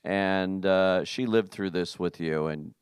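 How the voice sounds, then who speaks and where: A man's voice: deep voice, slow pace, smooth, dry recording, clean studio sound. A man moderating a film Q&A, prompting his guest in an easy, conversational way. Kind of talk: interview questions to a live audience.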